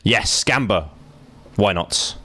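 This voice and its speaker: A man's voice: on the low side, lively intonation, slow, sharp tone, faint music behind. A young man streaming a game, chatting casually and cracking sarcastic jokes while he reads the game text aloud. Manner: joking, sarcastic asides while reading. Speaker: gaming streamer. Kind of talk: casual let's-play commentary, reading game text aloud.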